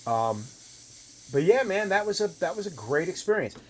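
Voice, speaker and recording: A middle-aged man hosting a casual chat, telling stories in a profane, animated way and acting out what people said. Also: sits high, normal speed, a little hiss or hum, low-quality recording. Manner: profane, animated storyteller acting out quoted lines. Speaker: host, tattoo artist.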